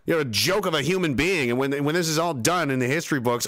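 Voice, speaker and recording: A young man rants on a livestream, reading viewer messages aloud between bursts of angry, sarcastic swearing. His voice sits at an ordinary middle pitch. It is recorded close up on a desk mic in a dry room with no echo. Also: lively intonation, fast, hardly any pauses, fairly bright tone. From Canada. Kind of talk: ranting livestream commentary.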